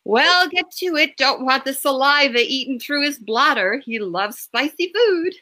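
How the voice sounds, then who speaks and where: Bossy, sassy pregnant woman with a Boston accent, high and bright, put on by a female reader. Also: sing-song, moderate pace. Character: sharp-tongued pregnant woman, office manager.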